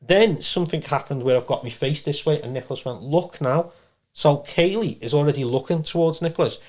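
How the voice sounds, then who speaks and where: Fast, rambling man telling a story, blunt and full of restarts. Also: a little high, a little mellow. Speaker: podcast guest, medium. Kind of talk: casual storytelling.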